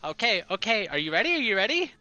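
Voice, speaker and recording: A man's voice: sits high, big pitch swings, fast talker, bright, forceful tone, voice pushed up, heavily acted. A man voicing a giggly, mischievous female fairy who poses riddles in a gleeful singsong. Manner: gleeful, repeats her words in a singsong. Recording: dull lo-fi audio, faint music.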